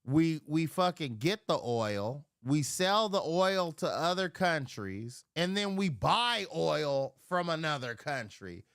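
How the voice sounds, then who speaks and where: A man with a gravelly, bright-edged voice rants casually on a live stream, swearing freely. His pitch swings widely as he slips into loud impressions of people he quarrels with. The sound is dry and close. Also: slow pace, few pauses, no echo. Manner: profane and animated, shifts into loud impressions. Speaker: livestream host.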